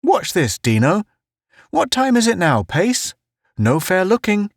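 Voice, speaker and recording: A man's voice: high-pitched, wildly swooping pitch, measured pace, dry recording, studio quality, voice pushed up, exaggerated voice. A man reading an audiobook, voicing a cheerful, teasing male officer who giggles and jokes. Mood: jovial.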